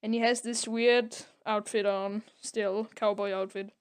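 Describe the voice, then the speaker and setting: A woman's voice: mid-range voice, little pitch movement, unhurried, smooth. A young woman recapping a comic on a casual podcast, rambling with lots of filler words. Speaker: podcast co-host.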